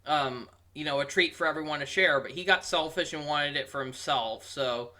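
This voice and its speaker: A young man giving a casual, rambling review, amused and full of pauses. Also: fairly high pitch, sharp tone. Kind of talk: casual commentary.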